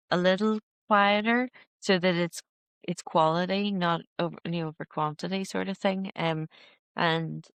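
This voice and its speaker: A woman, a singer, chats as a podcast guest, her low voice recorded close and dry. She tells her stories with animation and acts out her own exclamations along the way. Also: clean tone, no room sound. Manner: lively, animated storytelling with acted-out exclamations. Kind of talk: casual conversation.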